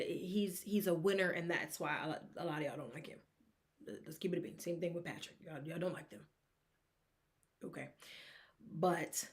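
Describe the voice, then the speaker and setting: A woman hosting a casual solo sports talk show, speaking in an animated, rambling way and acting out the fans' reactions. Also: on the low side. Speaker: sports podcast host.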